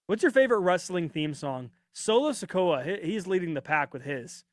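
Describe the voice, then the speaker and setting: A man hosts a live wrestling watch party in a loose, rambling chat, reading out viewer comments. His voice sits a bit high and sounds worn from a long stream. The sound is close-miked and dry. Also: animated, moderate pace, few pauses, no room sound. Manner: chatty and rambling, reads viewer comments aloud. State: voice getting worn out. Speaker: podcast host.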